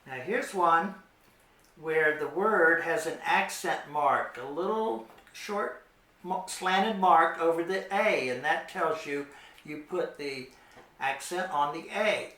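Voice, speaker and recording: A patient middle-aged man leads a children's Spanish lesson, speaking extremely slowly and repeating every word. His voice sits slightly high. The recording has a noticeably echoey room sound. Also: pushed and bright. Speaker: Spanish teacher. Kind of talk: slow children's language lesson.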